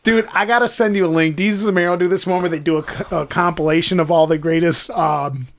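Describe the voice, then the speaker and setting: A man's voice: a little high, steady tone, quick pace. A young man hosting a casual podcast, talking loosely with lots of cursing, fillers and laughter as he retells things. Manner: rambling, profane, laughs while retelling bits. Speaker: podcast host.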